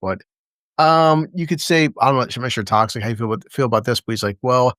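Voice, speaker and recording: A man hosting a casual review chat, excitable and profane, often acting out lines from scenes. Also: mid-range voice, quick pace, no room sound, studio quality. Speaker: podcast host.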